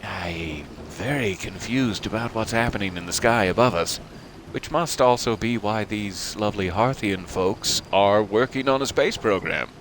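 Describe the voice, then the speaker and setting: A man's voice: fairly low pitch, measured pace, a bit bright, slight background noise. A man casually commenting while he plays through a video game, musing and joking to himself. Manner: whimsical, musing, chatty. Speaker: game streamer. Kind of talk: let's play commentary.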